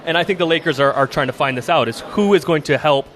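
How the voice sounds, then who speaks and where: Measured male sports analyst. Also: on the high side, a bit bright. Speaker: podcast co-host. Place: arena after a game.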